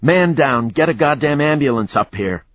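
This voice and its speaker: Audiobook, man doing a tense male detective, terse commands, husky, dry sound. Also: lowish voice, brisk, no echo, highs cut off, voice pushed up, natural voice. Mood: shouting. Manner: terse commands, barked orders. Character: tense male police detective leading a manhunt. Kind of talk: audiobook narration.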